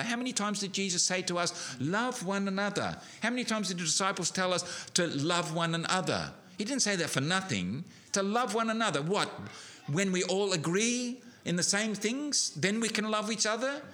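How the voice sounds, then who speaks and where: A middle-aged man preaching a sermon, animated, building to emphatic peaks with frequent restarts. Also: high-pitched, moderate pace.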